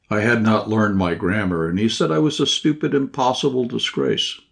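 A man reading a short story aloud in scripted first-person narration, at a measured, even pace. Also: fairly low pitch, creaky. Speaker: audiobook narrator.

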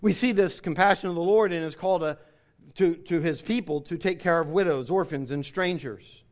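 A man's voice: fairly high pitch, moderate pace. A man preaching a sermon, explaining scripture and reading passages aloud with emphasis. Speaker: pastor.

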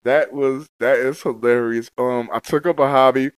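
A young man talks into his own podcast mic in a loose, rambling monologue, full of street slang, swearing and fillers. His voice sits at a mid pitch and the sound is dry and close, with no room around it. When a story heats up, his voice jumps high and loud. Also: fairly even intonation, normal speed, smooth, dry recording, low-quality recording. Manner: rambling with heavy slang and profanity, many fillers. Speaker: podcast host. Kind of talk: casual solo podcast monologue.

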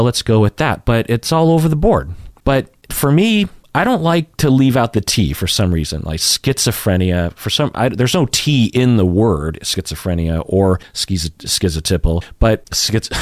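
A man's voice: on the low side, dry recording, clean studio sound. A man hosting a casual explainer video, thinking aloud, repeating a word again and again and chuckling at himself. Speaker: YouTube host explaining pronunciation.

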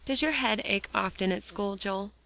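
A woman voicing a gentle little girl who asks questions softly and persistently. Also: mid-range voice, animated, normal speed, no room sound.

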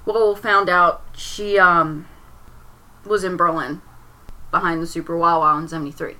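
A woman's voice: fairly low pitch, steady tone, a little slow, long pauses, sharp tone, low-quality recording. A young woman tells a painful personal story in a rambling way, leaning on "like" and restarting her sentences. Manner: rambling, heavy use of "like", restarts under strain.

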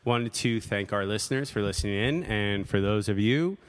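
A man's voice: lowish voice, normal speed, smooth, in a large hall. A man hosting a casual podcast chat, playful and jokey, laughing often. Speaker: podcast host. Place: studio in Brooklyn.

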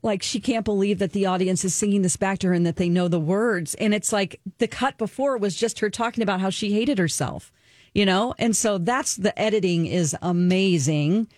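A woman co-hosting a talk radio show speaks at a medium pitch with an earnest, open manner. She sounds emotional and personal as she talks through her own experiences. Her voice is recorded close on a studio mic with a dry sound and no room echo. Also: moderate pace, a little mellow. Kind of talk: casual talk-radio chat, reviewing a documentary.

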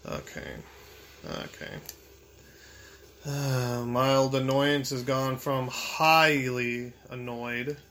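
A man's voice: mid-range voice, drawn-out words, long pauses, a bit bright, slight background noise. A young man commentating his gameplay, frustrated, swearing and talking back at the game. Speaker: gamer.

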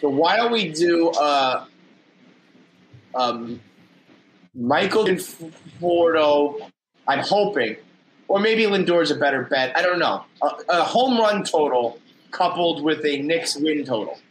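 A man's voice: on the high side, animated, slow pace, a little hiss or hum, low-quality recording. A middle-aged man co-hosting a casual sports podcast, rambling with restarts and easy laughter. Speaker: podcast co-host.

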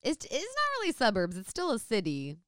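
A woman's voice: a little high, huge pitch swings, brisk, a bit bright, no echo, clean studio sound. A young woman from the Bay Area, telling a story in chatty, casual talk full of "like". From San Francisco Bay Area, California. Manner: chatty, lots of "like". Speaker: vlogger.

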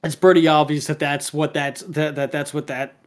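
A man's voice: a little high, level tone, normal speed. A man in casual podcast chat, rambling through a cartoon episode with lots of fillers and restarts.

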